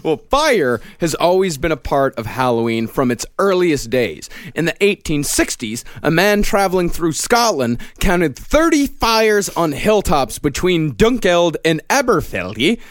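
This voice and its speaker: A man's voice: on the high side, sing-song, a little slow, few pauses, no room sound, clean studio sound. A man hosting a comedy podcast, steadily reading history notes and chuckling at his cohosts. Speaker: podcast host.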